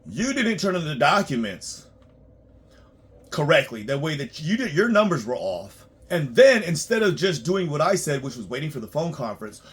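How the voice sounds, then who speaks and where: Husky man ranting bluntly. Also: very animated, normal speed. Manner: blunt, profane, swings between loud outbursts and low muttering. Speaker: tax preparer. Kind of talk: profane ranting monologue.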